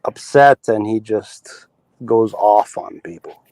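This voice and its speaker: A man's voice: fairly low pitch, takes it slowly, vocal fry, a little mellow, dry recording. A man co-hosting a livestream, chatting agreeably in casual talk. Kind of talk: casual chat.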